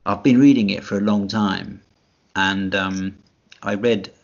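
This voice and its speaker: A man with a low, gravelly voice chats on a podcast, stumbling through fillers with a dry, self-mocking wit. The sound is dull and lo-fi. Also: steady tone, measured pace. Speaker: podcast co-host. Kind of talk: casual chat.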